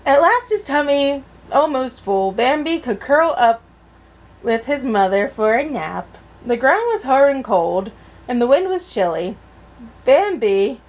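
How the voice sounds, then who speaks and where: A woman vlogger reading a children's storybook aloud and breaking off into chatty, joking asides. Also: fairly high pitch.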